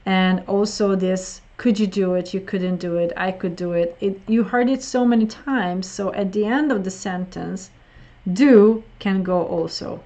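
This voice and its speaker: A woman teaching an online English listening lesson, slow and explanatory, often repeating words for emphasis. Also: medium pitch, mellow.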